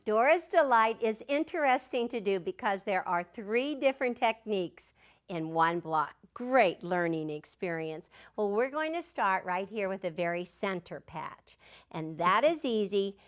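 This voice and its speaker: A woman's voice: mid-range voice, expressive, measured pace. An older woman demonstrating a quilt block step by step, chatty and folksy, with family stories mixed into her instructions. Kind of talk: sewing demonstration.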